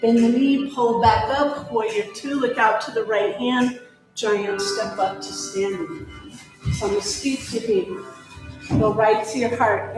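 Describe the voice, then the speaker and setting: A woman guides a yoga class in slow, gentle, encouraging cues, pausing for breaths. Her voice sits a little high. The sound is very echoey, with music playing underneath. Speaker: yoga instructor.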